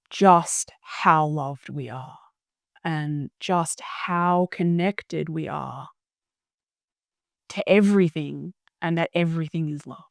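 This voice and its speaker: Earnest woman guest, lower voice. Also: no room sound, studio quality. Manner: earnest, reflective, searching for words. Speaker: interview guest. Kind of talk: personal storytelling in an interview.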